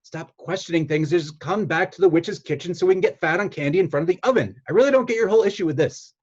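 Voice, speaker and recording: Brief: bratty dismissive kid, read by a man, higher voice, scornful. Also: fast talker, a little mellow, slightly rough, dull audio. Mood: impatient. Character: brash candy-crazed boy, dismissive.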